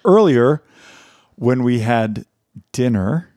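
A man's voice: mid-range voice, lively intonation, slow, darkish tone, dry recording. A man co-hosting a casual podcast, chatting with friends, laughing often and rambling through restarts while reading reviews aloud. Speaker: podcast co-host.

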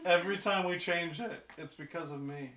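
Bright, sharp-toned man cracking jokes. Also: a little high, normal speed, a little hiss or hum. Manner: profane, jokey, breaks into mock voices. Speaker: podcast co-host. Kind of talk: casual wrestling chat. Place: small office.

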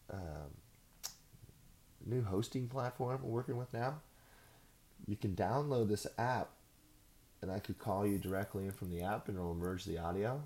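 A man's voice: lowish voice, dark tone. A man hosting a podcast, ranting casually in a profane, sarcastic, rambling way. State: out of breath. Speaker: podcast host.

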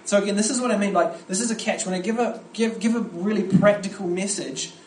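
A youth pastor preaches at a camp, his young voice a bit higher than most men's, telling energetic stories and frequently restarting phrases. He speaks fast, in a roomy, echoey space with faint ambience and a touch of hiss or hum.

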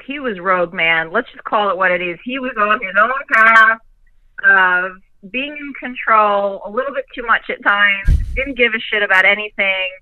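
A woman telling stories as a guest on a video call, animated and profane, laughing often. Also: mid-range voice, dry recording, phone-quality sound. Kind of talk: casual storytelling chat.

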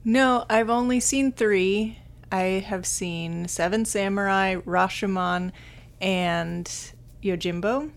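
A woman co-hosts a movie podcast in casual chat. Her voice sits in a middle range, and she chats easily with quick asides. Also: medium pitch. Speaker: podcast co-host.

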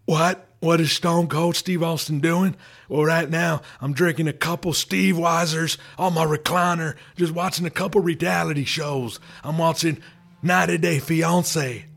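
A man doing a comic impression of a brash, loud male wrestling tough guy who keeps shouting back "what". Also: on the high side, fairly even intonation, vocal fry, pitched above the performer's own voice, heavily acted. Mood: rowdy. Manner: shouting "what" over and over, rowdy and rapid.

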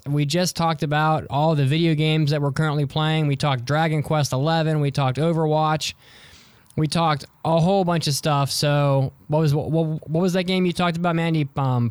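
Podcast host dude, kinda high voice, smooth and dry sounding, jokey. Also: male voice, dry recording. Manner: joking, rambling plugs. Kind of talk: casual podcast banter.

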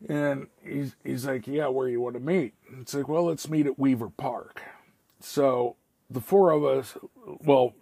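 A man's voice: medium pitch, a little slow, creaky, mellow, slightly rough, dry recording. A middle-aged man casually telling a personal story, rambling and swearing freely, with lots of "I was like.".

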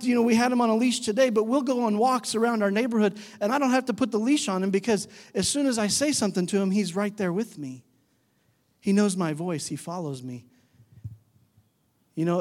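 A man preaching a conversational sermon as pastor, warming up with easygoing stories. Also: sits high. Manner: conversational, animated when imitating talk to his dog. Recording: long hall reverb.

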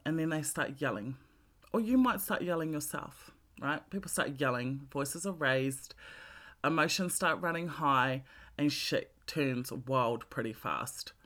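A middle-aged woman, talking candidly in a casual monologue, often restarting her words. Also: deep voice. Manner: candid and swearing freely, with repeated restarts.

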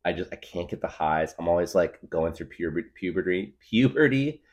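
A man's voice: low-pitched, completely flat delivery, fairly quick, darkish tone. A man in his thirties hosting a podcast, rambling through a comedic monologue with lots of fillers. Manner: rambling, full of fillers, laughs at his own jokes. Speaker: podcast host.

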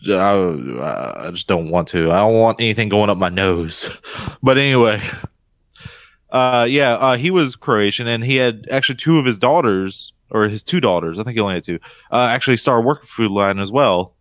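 A man's voice: on the low side, moderate pace, no echo, clean studio sound. A man in his thirties from North Carolina, co-hosting a casual podcast, joking and swearing freely. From North Carolina, USA. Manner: animated, swears freely, jokey. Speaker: podcast co-host. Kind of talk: casual chat.

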